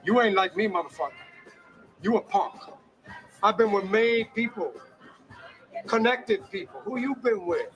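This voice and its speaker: A man's voice: sits high, measured pace, long pauses, a bit bright, faint music behind, low-quality recording. An actor playing a contemptuous, threatening male ex-gangster who snarls profane put-downs in a film scene.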